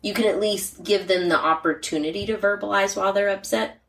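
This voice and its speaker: A woman's voice: mid-range voice, steady tone, a little fast, creaky, fairly bright tone. A woman co-hosting a podcast about parenting, chatting in a straightforward way with lots of casual fillers and murmured agreement. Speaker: podcast co-host, mother. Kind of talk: casual chat. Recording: roomy and distant from the mic.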